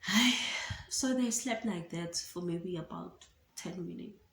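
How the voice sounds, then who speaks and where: A woman's voice: lowish voice, slow, gravelly. A young woman from South Africa with a South African accent, telling a dramatic story in a casual storytime vlog. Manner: animated, dramatic, mixes in Zulu phrases. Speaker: YouTuber. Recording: echoey room.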